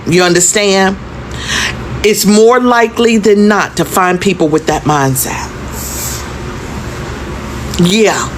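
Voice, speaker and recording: A woman's voice: medium pitch, takes it slowly, long pauses, low-quality recording. Woman, fifties, storytime vlogger, emphatic and talking straight to the viewer; middle-range voice, faint noise behind. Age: 50s. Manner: conversational, emphatic, asks the viewer questions. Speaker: content creator. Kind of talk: storytime vlog.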